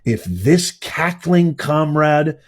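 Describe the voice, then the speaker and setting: Husky, heated high-voiced man ranting. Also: animated, takes it slowly. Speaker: host. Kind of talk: political commentary livestream.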